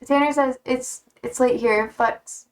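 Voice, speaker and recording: A young woman with a slightly high voice chats loosely on a livestream. She reads viewer comments aloud and answers them bluntly. She swears freely and laughs often. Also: steady tone, unhurried. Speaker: streamer. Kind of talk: casual chat reading viewer comments.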